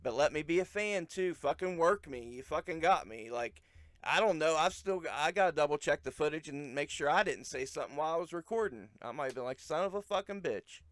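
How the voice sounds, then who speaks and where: A man's voice: on the high side, animated, a little fast, fairly bright tone, no echo, studio quality. A man hosting a casual podcast chat, laughing often and reacting with short interjections. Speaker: podcast host.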